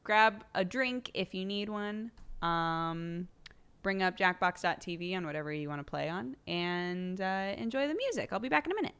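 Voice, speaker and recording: A young woman with a slightly low voice hosts a livestream in a loose, chatty way. She fills her sentences with "like" and keeps laughing between thoughts. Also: a little slow, a bit bright, clear, resonant tone. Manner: chatty, laughs often, heavy use of "like". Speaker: livestream host. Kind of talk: casual chat.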